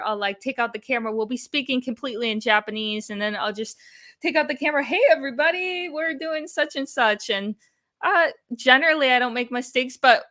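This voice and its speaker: A young woman with a Michigan accent hosting a livestream chat, upbeat and quick to laugh, switching into Japanese now and then. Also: on the high side, bright, forceful tone. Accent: Michigan American. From Michigan, USA. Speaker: host.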